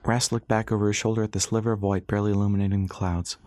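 Male audiobook narrator, low register, measured delivery, dry close mic. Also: dry recording. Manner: steady, measured storytelling.

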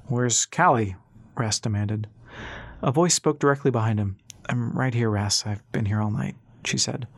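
A man narrating an audiobook in a steady, even storytelling voice. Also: medium pitch, no echo, clean studio sound.

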